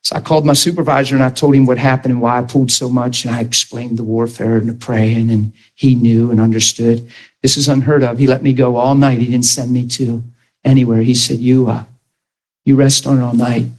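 A man's voice: mid-range voice, level tone, a little fast, darkish tone, rough recording. A man preaching an earnest testimony sermon, talking to his audience directly and conversationally.

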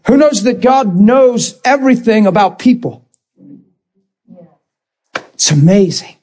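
A man's voice: high-pitched, darkish tone, breathy edge. A man preaching a sermon, impassioned and rising to emphatic bursts.

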